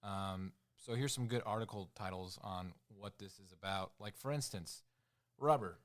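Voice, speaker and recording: A man's voice: lowish voice, moderate pace. A man co-hosting a podcast, laid-back, giving short reactions and reading movie facts from notes. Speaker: podcast co-host. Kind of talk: casual chat.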